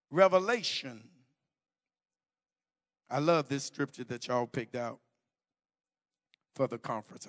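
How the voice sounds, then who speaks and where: A middle-aged man preaching in a church hall, his voice sitting high for a man with a gravelly edge. He tells his story in a folksy, emphatic way. The sound rings with long reverb from the hall. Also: clean studio sound. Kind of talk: sermon with personal testimony.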